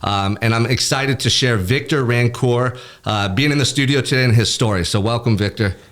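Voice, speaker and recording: A man's voice: mid-range voice, normal speed, fairly bright tone. Hyped man podcast host. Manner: hyped, motivational, swears bluntly. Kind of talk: casual podcast hosting. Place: recording studio.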